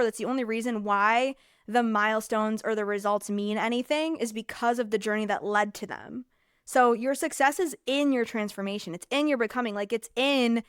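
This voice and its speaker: A woman's voice: on the high side, clear, resonant tone, no echo, studio quality. A woman hosting her own podcast, talking casually and reflectively to listeners, upbeat and full of "like" fillers. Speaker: podcast host. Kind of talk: casual solo podcast monologue.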